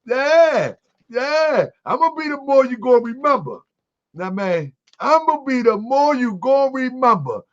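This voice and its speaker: High voiced guy hosting a livestream, preachy and animated, kinda muffled lo-fi sound. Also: moderate pace. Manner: animated, preachy, talks straight to his viewers. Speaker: host of an online show. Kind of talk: livestream commentary to viewers. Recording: dull lo-fi sound.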